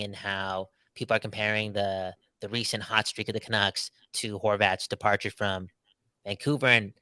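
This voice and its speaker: A man with a bright, forceful voice and a low pitch, chatting casually as a podcast co-host. He talks in an animated, slangy way. The sound is dry and close. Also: clean tone, no room sound. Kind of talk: casual sports podcast chat.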